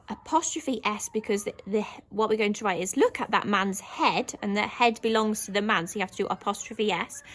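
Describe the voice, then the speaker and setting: A woman with an English accent teaching young children, speaking slowly and clearly and acting out characters' lines in big high voices. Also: a bit bright. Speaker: primary school teacher.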